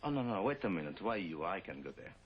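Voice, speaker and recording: A cheerful sleuth. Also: male voice, deep voice, fast. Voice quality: broken English, lively. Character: cheerful Italian man, nosy amateur sleuth. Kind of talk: 1960s TV drama acting. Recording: dull old TV soundtrack, hiss.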